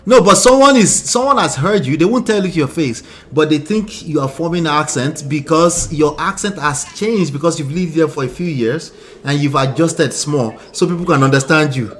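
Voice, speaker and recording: A man with a Nigerian accent hosting a casual chat as a relationship coach, animated and full of teasing questions. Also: a little high, moderate pace.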